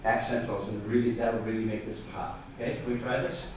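A man coaches a brass ensemble at a music clinic, encouraging the players and singing rhythms aloud. His medium-pitched voice is brisk with little pitch movement, and it sounds far off in an echoey, noisy hall.

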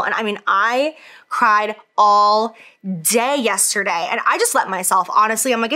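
A woman in her thirties speaks straight to camera in a casual beauty vlog, doing her makeup as she talks. Her voice is bright and forward, and her speech runs candid and emotional, full of "like" fillers and restarts. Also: mid-range voice, measured pace. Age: 30s. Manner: talks while applying makeup. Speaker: beauty vlogger.

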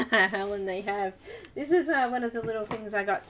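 A woman's voice: a little high, moderate pace, fairly bright tone, slight background noise. An Australian woman hosting a live colouring tutorial, chatting and giggling with viewers as she works. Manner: chatty, giggly, talks to viewers while working. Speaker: host of a live colouring stream. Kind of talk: casual live tutorial chat.

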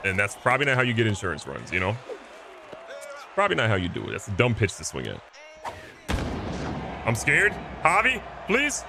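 A young man casually commentating his own baseball video game, excitable and joking, swinging between hype and mock despair. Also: on the low side, brisk, vocal fry, long pauses, background noise. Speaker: gaming channel host. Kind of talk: live gameplay commentary.

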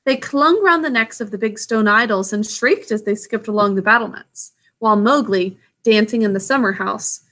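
A woman's voice: fairly high pitch, a bit bright. A woman reading a story aloud, stopping to explain what is happening. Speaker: storybook reader.

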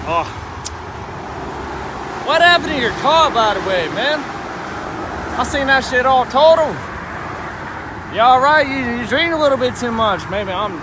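A man acting as a drunk young Southern man with a high, swooping voice and a slow, slurred drawl, giggling between words. He is recorded inside a noisy car.

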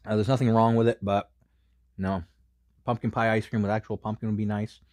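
A man's voice: fairly low pitch, little pitch movement, fairly quick, darkish tone, no echo, studio quality. A man casually reviewing a snack, rambling with many fillers and a little out of breath. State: a bit out of breath.

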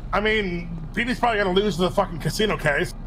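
A man playing a police officer in a game roleplay who speaks hesitantly with many halting restarts. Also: high voice, fairly bright tone, slight background noise. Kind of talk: in-character game roleplay banter.

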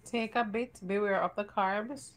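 A woman's voice: mid-range voice, steady tone, a little slow. Jamaican woman hosting a live home cooking stream; playful, giggly, cracks jokes. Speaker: cooking show host. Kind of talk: casual live cooking chat. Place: home kitchen.

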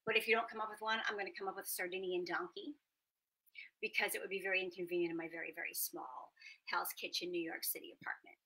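A woman hosting an interactive children's storytime from her small apartment at home. She talks in an animated, playful way and makes sound effects along the way. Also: lowish voice, quick pace, slightly rough, rough recording. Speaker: children's show host and storyteller.

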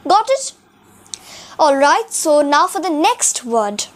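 Careful female tutor, high voice, unhurried, stretches example words. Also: big pitch swings. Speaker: French tutor. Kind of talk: beginner language lesson. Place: room with a whiteboard.

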